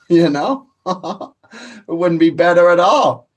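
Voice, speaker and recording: A man's high, slow voice with lively intonation carries this casual storytelling. He's a cannabis vlogger, laid-back, boastful and profane as he spins his tales on his vlog.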